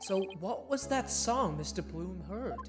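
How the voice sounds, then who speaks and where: A woman voicing a wry adult male defense lawyer who reacts in a dry, deadpan way, in a fan voice-acted game. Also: mid-range voice, measured pace, over music, lightly acted.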